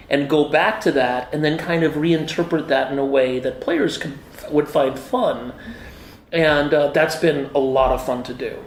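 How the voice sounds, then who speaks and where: A man's voice: a little high, slight background noise. Enthusiastic man at a busy convention. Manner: enthusiastic, animated storyteller with many fillers. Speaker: game designer being interviewed. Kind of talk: casual convention interview. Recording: echoey convention hall with faint ambience.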